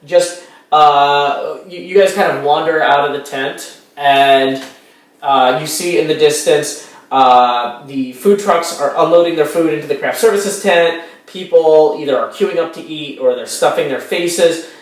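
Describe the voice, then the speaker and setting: A man's voice: a little high, unhurried, recorded from a distance. A man narrating as game master of a tabletop role-playing game, rambling with lots of restarts and fillers. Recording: very echoey room, a bit off mic.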